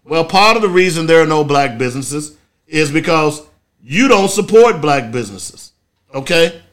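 A man's voice: a little high, animated, moderate pace, fairly bright tone. A middle-aged man hosting a casual solo talk show, speaking in an emphatic, preachy way, often checking in with "okay?". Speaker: host.

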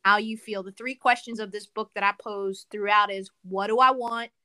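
A woman hosting a podcast interview, speaking emphatically and repeating key words for effect, quick to affirm her guest. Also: mid-range voice, fairly even intonation, bright, forceful tone, dry recording. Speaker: podcast host.

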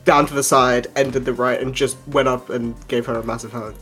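A man plays in a tabletop game, trading teasing banter at an ordinary pitch. Music plays clearly behind his voice. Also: level tone, a little fast, fairly bright tone. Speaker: player.

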